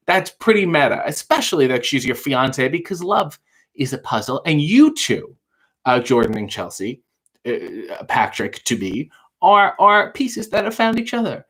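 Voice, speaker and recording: A man's voice: fairly high pitch, sing-song, unhurried, fairly bright tone, husky. A man hosting a casual late-night livestream, answering viewer chat with dry, wry quips. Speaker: livestream talk show host reading viewer chat.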